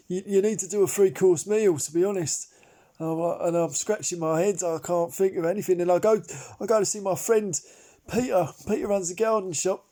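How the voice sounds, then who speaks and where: A man's voice: high-pitched, mellow, close to an everyday voice. A man playing Derek, a bumbling amateur chef, telling a rambling story full of restarts and fillers. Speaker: comedy character monologue. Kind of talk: improvised character monologue.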